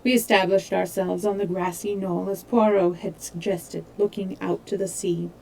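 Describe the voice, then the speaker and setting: A woman reads a mystery novel aloud for a livestream, in a steady voice with small slips and self-corrections. Her pitch sits mid-range. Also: normal speed, vocal fry, a little hiss or hum, low-quality recording. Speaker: storyteller.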